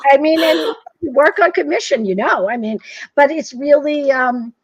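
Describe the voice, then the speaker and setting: 60s woman from massachusetts telling funny stories, high-ish voice, dull dry sound. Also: normal speed, no echo. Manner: animated, self-deprecating, acts out quotes. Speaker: author and guest. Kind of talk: casual interview storytelling.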